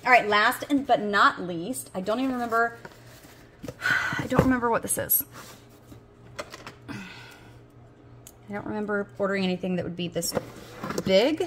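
A woman's voice: a little high, moderate pace, pauses often, noisy background. A woman, chatting casually as she unboxes budgeting supplies, gasping and gushing. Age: 40s. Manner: gushing, gasps and squeals with delight. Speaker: budgeting video host.

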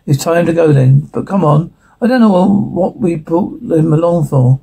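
A man with a gravelly, husky voice, pitched a little high, reads a screenplay straight through, speaking every character and every sound cue. The voice stays mellow and close to his own throughout, and the reading is plain, with stumbles and restarts. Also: moderate pace, rough recording. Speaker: radio show host reading a screenplay. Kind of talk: reading a TV script aloud, sound cues included.

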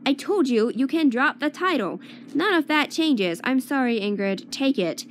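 A woman's voice: sits high, animated, moderate pace, slight background noise, pitched above the performer's own voice. A woman voicing a hot-headed, commanding young male prince. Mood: gentle.

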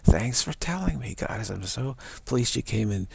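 A man's voice: mid-range voice, lively intonation, normal speed, gravelly, slightly rough, no echo, exaggerated voice. A man putting on a pleased male boss who welcomes complaints, speaking in a mock-cheerful, sarcastic way.

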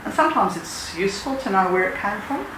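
A woman's voice: mid-range voice, sing-song, fast talker. Woman spiritual teacher, earnest and emphatic, recorded at a distance in an echoey room. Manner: earnest, emphatic, leads chants. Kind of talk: casual talk and call-and-response mantra chanting. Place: lodge meeting room. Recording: echoey room, speaker far from mic, noisy.

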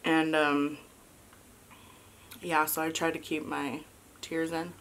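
A woman in her thirties chatting casually as a vlogger and mother, halting and soft with many fillers, fighting back tears. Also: deep voice, flat delivery. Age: 30s. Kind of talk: casual confessional chat.

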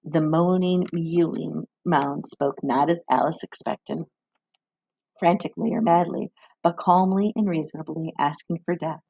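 A woman reading a novel aloud in a measured storybook manner, doing voices for the characters. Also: low voice, steady tone, vocal fry, warm tone, slightly rough, dry recording, muffled recording. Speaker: reader.

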